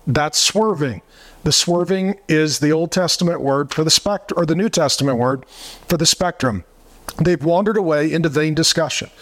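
Forceful preaching man, fairly high voice. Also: moderate pace. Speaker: pastor. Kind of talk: sermon.

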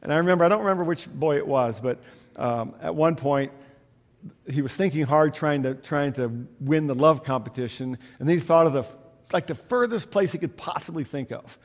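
A pastor giving a sermon in a church, telling stories in a conversational way with soft, quiet asides. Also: male voice, a little high, moderate pace. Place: church sanctuary. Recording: long hall reverb.

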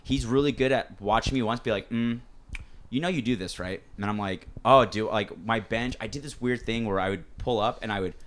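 A man's voice: fairly low pitch, brisk. Rambling man telling gym stories. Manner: rambling, animated storytelling with many fillers. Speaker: podcast co-host. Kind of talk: casual chat.

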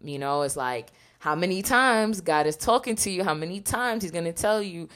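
A woman's voice: on the low side, normal speed. A young woman co-hosting a podcast, chatting casually and acting out what people said to her. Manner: animated storytelling, acts out quotes. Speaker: podcast co-host. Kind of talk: casual chat.

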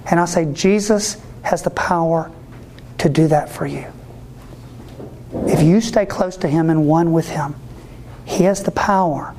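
Animated priest preaching to a church audience. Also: male voice, on the high side, unhurried, long pauses, a little hiss or hum. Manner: animated, acts out quoted voices; asks the audience for agreement. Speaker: Catholic priest. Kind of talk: sermon-style talk to ministry workers.

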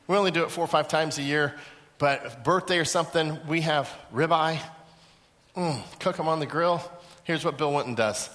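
A middle-aged male pastor preaches with a bright, forceful tone and a voice pitched a touch above the usual for a man. He drives his points home by repeating them and acting out small everyday scenes. His voice rings with the long reverb of a big hall. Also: normal speed. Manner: animated storytelling, acting out little scenes and repeating key points. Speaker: pastor teaching a Bible lesson. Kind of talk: sermon to a live group. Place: large room with a seated audience.

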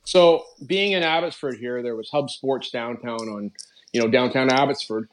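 Guy guesting on a podcast, middle-aged, rambles a lot with fillers, average pitch. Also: normal speed. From Canada. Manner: rambling, lots of "you know" and "like" fillers. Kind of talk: casual conversational interview.

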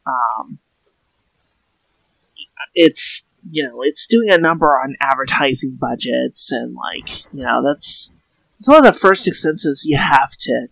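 A man with a gravelly, creaky voice talks slowly and sardonically, rambling through fillers in a casual podcast chat. His voice sits a little high for a man, and the sound is dry and close. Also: fairly bright tone, no room sound, poor audio.

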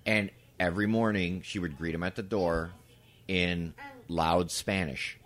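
A man co-hosting a podcast, telling stories in casual chat, swearing freely and breaking into shouted impressions. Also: low-pitched, a little slow. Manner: animated, breaks into loud shouted impressions and laughs. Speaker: podcast co-host. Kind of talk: casual storytelling.

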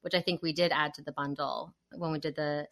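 A woman chats as a guest on a podcast, with a bright, forward tone over a slightly low pitch. She talks expressively and sinks to a soft, quiet voice when she describes how she feels. Her delivery is casual and open. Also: steady tone, fairly quick. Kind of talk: casual chat.

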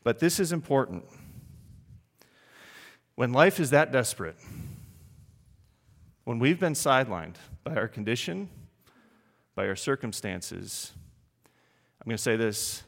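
A man's voice: mid-range voice, unhurried, creaky, pauses often. Emphatic male preacher in a reverberant hall. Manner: animated, emphatic, asks the congregation questions. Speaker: pastor. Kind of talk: sermon.

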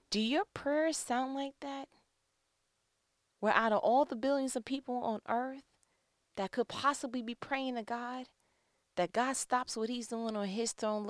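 A woman preaching a sermon, emphatic and conversational, asking rhetorical questions and swinging between loud calls and hushed tones. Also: fairly high pitch, moderate pace, no room sound, clean studio sound.

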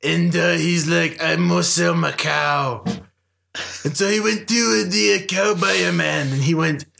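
A man voicing a grumpy grown-up storyteller with a put-on Japanese accent, telling a tale in halting bursts full of fillers. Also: on the high side, steady tone, gravelly, sharp tone, slight background noise, full character voice. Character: grumpy adult male storyteller.

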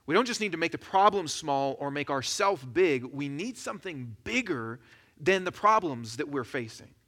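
A man preaching a sermon as a pastor, in a conversational, animated storytelling manner. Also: fairly high pitch.

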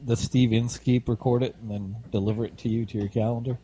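A man's voice: mid-range voice, level tone, fast, mellow, slightly rough. A man co-hosting a casual podcast, teasing and wry, rambling through his stories. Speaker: podcast co-host. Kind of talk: casual banter.

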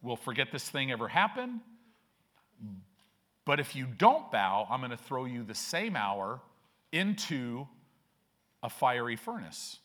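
A man's voice: medium pitch, very animated, a little slow, long pauses, fairly bright tone. A male pastor preaching a sermon in a conversational, slangy way, acting out quoted characters with a shifting voice. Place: church sanctuary.

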